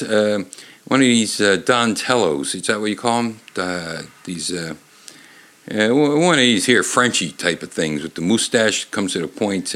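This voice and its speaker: A man in his fifties reads a picture book aloud, rambling and joking along the way with lots of fillers and halting restarts. His voice is low but a bit bright.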